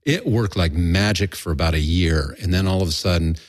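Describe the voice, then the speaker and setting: A man's voice: low-pitched, a little fast, dry recording, clean studio sound. An older man telling a rambling, profane story in a candid interview, acting out quoted voices. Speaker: guest.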